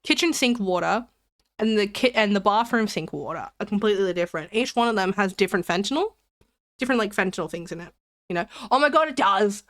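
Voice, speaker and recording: A woman's voice: medium pitch, fast, no echo, studio quality. A young woman streamer chatting casually with her chat, rambling and giggling between jokes.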